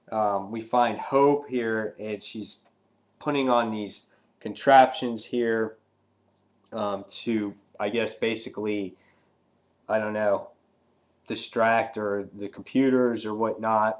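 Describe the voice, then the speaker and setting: A man casually reviewing a comic book, rambling and filling pauses with "um" and "you know". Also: lowish voice.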